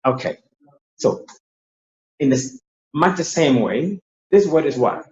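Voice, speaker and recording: Animated, patient male English tutor. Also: on the high side, takes it slowly, long pauses. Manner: patient, explanatory, often repeats words. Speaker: pronunciation tutor. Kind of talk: online lesson with screen sharing. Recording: roomy, dull lo-fi sound.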